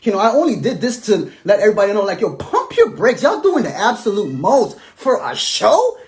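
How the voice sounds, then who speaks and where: A man speaks in a casual, emphatic monologue. His voice sits slightly high and swings through a wide, lively range. He is forceful at times and quiet and low at others. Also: brisk. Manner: animated and emphatic, sinking to soft, low tones when recounting. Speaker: estranged husband telling his side.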